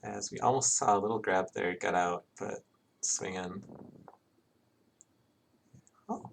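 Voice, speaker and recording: Guy calling an online game live, gravelly voice, laid back chatty play by play. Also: fairly low pitch, slow, a little hiss or hum. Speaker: esports commentator.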